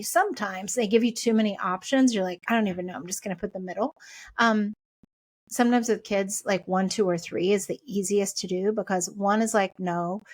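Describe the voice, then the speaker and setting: A woman in her thirties hosting a parenting podcast alone, talking in a gentle, conversational way with many fillers and restarts. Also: medium pitch. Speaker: podcast host. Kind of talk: casual solo podcast talk.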